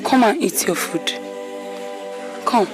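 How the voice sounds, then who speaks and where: An actress playing a kind, protective young princess in a Nigerian film drama, speaking with a Nigerian accent. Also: female voice, medium pitch, animated, slow pace, over music. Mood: gentle.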